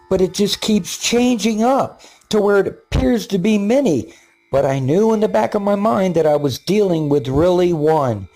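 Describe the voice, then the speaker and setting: An older man in a casual vlog, narrating his own video footage in a rambling, halting way, with repeated words and many fillers. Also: high voice, dark tone. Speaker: paranormal video maker.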